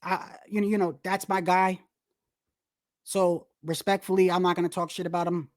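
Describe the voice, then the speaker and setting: A woman hosting a boxing channel livestream, ranting in animated, profane, slangy talk full of restarts. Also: lowish voice, moderate pace, no room sound, clean studio sound. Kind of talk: casual livestream commentary.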